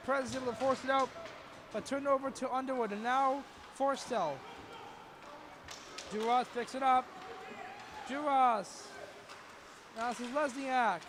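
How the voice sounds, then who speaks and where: Young guy doing hockey play-by-play, super high voice, gets loud on chances, lots of rink noise behind. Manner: rapid, excitable, rising to shouts on chances. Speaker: play-by-play commentator. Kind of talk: live hockey play-by-play commentary.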